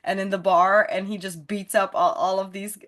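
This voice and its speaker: A woman's voice: mid-range voice, flat delivery, normal speed, fairly bright tone. A woman co-hosting a podcast, chatting enthusiastically and casually about a film, with some casual swearing. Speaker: podcast co-host. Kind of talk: casual film review chat.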